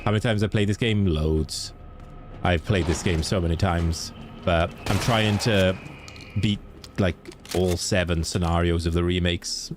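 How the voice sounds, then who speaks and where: A man's voice: low voice, fairly even intonation, a little slow, background noise. A man with a Welsh accent, a game streamer chatting casually and jokingly with his viewers. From Wales. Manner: chatty, joking, laughs easily. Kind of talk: casual chat with viewers while gaming.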